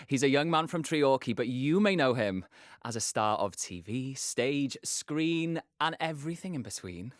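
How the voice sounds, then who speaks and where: A man's voice: medium pitch, lively intonation, moderate pace, no room sound, studio quality. A man hosting a radio interview, introducing his guest with showy enthusiasm. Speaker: radio presenter. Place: radio studio.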